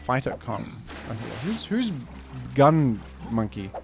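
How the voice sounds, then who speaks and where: A man's voice: mid-range voice, big pitch swings, slow pace, gravelly, music in the background. A young man streaming a game, reading chat with dry, joking banter. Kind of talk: casual gameplay commentary.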